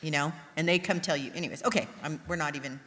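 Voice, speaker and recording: Middle-aged woman co-teaching: candid, animated storyteller, lowish voice, long hall reverb. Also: quick pace, slight background noise. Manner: chatty, animated, acts out her own reactions. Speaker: pastor's wife, co-teacher. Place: church sanctuary.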